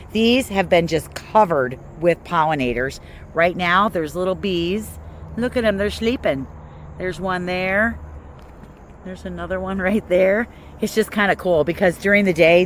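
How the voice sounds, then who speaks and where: A woman's voice: on the low side, a little hiss or hum. A woman from Northern Illinois giving a casual, enthusiastic walking tour of her garden outdoors, chatting to viewers as she goes. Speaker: garden vlogger.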